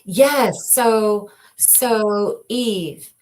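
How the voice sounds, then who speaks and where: A woman's voice: mid-range voice, very slow, darkish tone. A woman co-hosting a casual spiritual live stream, talking reflectively and greeting viewers by name.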